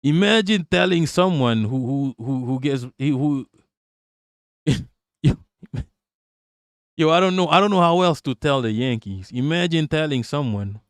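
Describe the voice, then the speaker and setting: A man's voice: fairly high pitch, animated, unhurried, dry recording, clean studio sound. A man in his thirties doing casual live-stream commentary and reading chat aloud, blunt and profane, often breaking into laughter.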